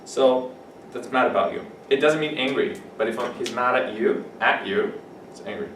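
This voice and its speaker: A man's voice: mid-range voice, normal speed, a bit bright, slight background noise. A man teaching English vocabulary to a class, explaining words with examples and asking students questions. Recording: echoey classroom mic from a distance.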